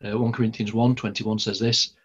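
A man's voice: on the low side, level tone, a little fast, husky, muffled recording. A man with a Lancashire accent preaching a sermon in a conversational, rambling way, full of fillers and restarts. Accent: Lancashire English.

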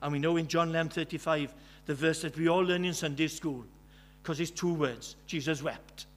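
A Welsh man preaching a sermon, earnest and emphatic, driving each point home by saying it twice. His voice sits a little high for a man. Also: steady tone, normal speed. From West Wales. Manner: earnest, emphatic with many repetitions.

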